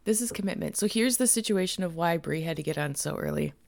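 A woman chatting on a podcast right after waking, her voice low with a gravelly fry. She rambles and giggles, swearing casually. The sound is close and dry. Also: quick pace, darkish tone, no room sound. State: just woken up, morning voice. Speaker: podcast co-host. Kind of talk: casual chat.

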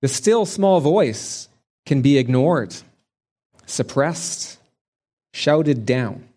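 Slow, measured male preacher. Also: medium pitch, lively intonation, mellow. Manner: slow, measured and reflective, with long pauses. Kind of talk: sermon.

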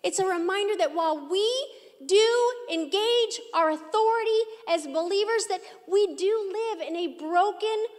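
A woman's voice: extremely high pitch, measured pace. A woman pastor preaching an emphatic, earnest sermon in a church hall. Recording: echoey hall.

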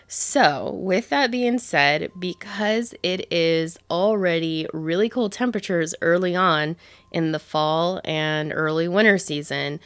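A woman's voice: fairly low pitch, no echo. A woman in her thirties telling a rambling, casual story, swearing freely and filling with "like". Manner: rambling, profane, many fillers.

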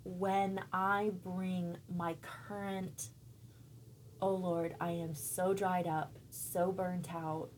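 A woman in her thirties, a church member talking about her faith in a thoughtful, searching way, pausing often to find her words. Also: on the low side, level tone, a little mellow, slight background noise. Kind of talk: reflective faith conversation.

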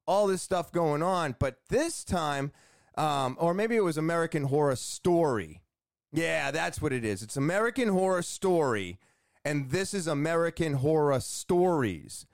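Unhurried and expressive, this podcast host's slightly high voice carries a casual monologue. He rambles through a self-deprecating tale, imitating the voices of the people involved. The sound is clean studio audio with no room sound.

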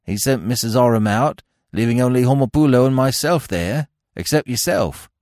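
A man voicing a composed male servant who reports events briskly and matter-of-factly. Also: mid-range voice, a little mellow, no echo, clean studio sound, pitched above the performer's own voice, lightly acted.

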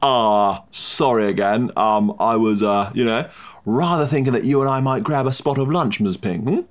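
Guy putting on a deep posh lord voice, smug, lots of um and uh. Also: moderate pace, natural voice. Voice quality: hesitant, rambling, many fillers. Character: posh drawling young English lord, smug.

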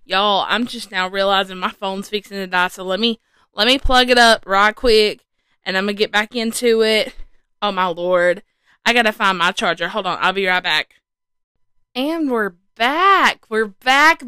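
A woman's voice: medium pitch, measured pace, pushed and bright, clean tone, dry recording. A woman hosting a casual faith podcast for single listeners, bubbly, chatty and joking about herself. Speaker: podcast host. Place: indoors at home, standing.

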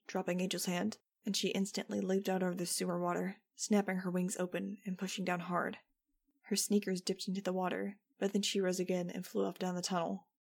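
A woman reading a first-person novel aloud in a steady, measured way. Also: on the low side, vocal fry. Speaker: audiobook narrator. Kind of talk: first-person audiobook narration.

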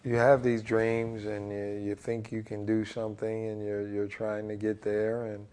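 A man in his forties, a basketball head coach, telling stories in an interview and acting out what people say with big jumps in his voice. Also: measured pace. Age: 40s. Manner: animated, acts out quotes with big pitch jumps. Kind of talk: energetic interview storytelling.

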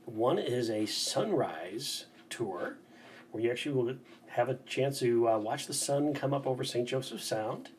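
A man's voice: mid-range voice, animated, a little slow, a little mellow, a little hiss or hum. A man who guides bike tours, talking as a guest on a casual podcast in an upbeat, enthusiastic, motivational way.

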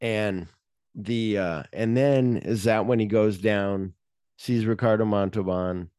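A man hosting a casual film podcast, chatting about a movie and animatedly retelling its scenes. His voice sits a little low, and the recording is dry and close, with no room sound. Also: slow, darkish tone, clean tone, no echo. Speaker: podcast co-host.

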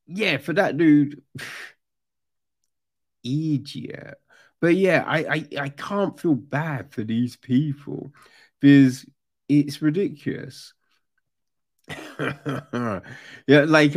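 A man giving casual, sarcastic true crime commentary, animated and full of swearing. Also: mid-range voice.

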